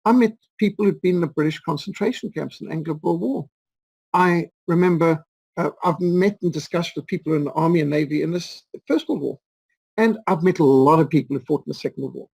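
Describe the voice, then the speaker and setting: A man's voice: a little high, brisk, vocal fry, a little mellow, dry recording, rough recording. A man in his fifties, from Zimbabwe, telling rambling stories with many fillers as an interview guest. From Rhodesia. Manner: rambling, anecdotal, with frequent fillers and restarts. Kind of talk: storytelling in an interview.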